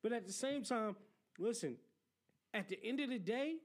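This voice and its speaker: A man with a high voice that swings up and down a lot, arguing his point on a sports podcast. He talks emphatically, in a heated casual way, and keeps repeating words for effect. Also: normal speed. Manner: animated, emphatic, repeats "listen". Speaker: podcast co-host.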